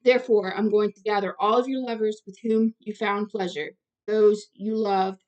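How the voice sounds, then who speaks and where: A woman's voice: mid-range voice, steady tone, normal speed, darkish tone, highs cut off. A woman teaching the Bible, reading scripture aloud and breaking off into direct, earnest commentary, sometimes stumbling over long words.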